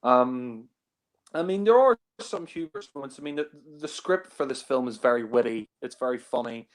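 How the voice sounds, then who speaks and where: A man's voice: mid-range voice, normal speed. A man talking casually about films, rambling with many fillers and frequent chuckles. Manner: rambling, heavy on fillers, laughs often. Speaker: film reviewer. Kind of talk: casual film discussion.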